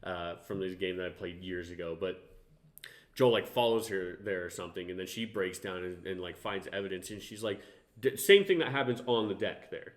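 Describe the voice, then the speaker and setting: A man's voice: low-pitched, moderate pace, reverberant. A young man co-hosting a podcast, chatting casually about a TV show, rambling and swearing often. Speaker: podcast co-host. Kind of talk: casual chat reviewing a TV show.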